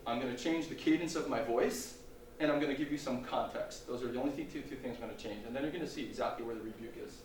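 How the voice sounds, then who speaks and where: A man's voice: medium pitch, fast talker, a little hiss or hum. A man teaching as a rabbi in a lecture, posing rhetorical questions and swinging his volume up and down for emphasis. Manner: animated, rhetorical questions, dramatic shifts in volume. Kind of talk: Torah lecture. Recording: roomy hall, distant mic, faint ambience.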